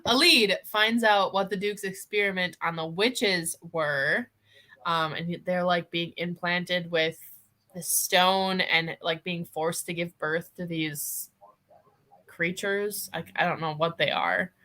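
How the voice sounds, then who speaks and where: A woman's voice: on the low side, takes it slowly, sharp tone. A young woman hosting a casual book discussion, recapping the plot in a chatty way. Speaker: host.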